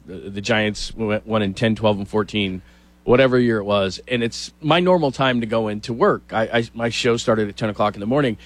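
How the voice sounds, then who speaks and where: A middle-aged man hosts a casual sports talk show and rambles through stories with animated asides. His voice sits at an ordinary pitch for a man. The recording is close and dry, with no room sound. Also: dry recording. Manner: chatty storyteller, animated asides.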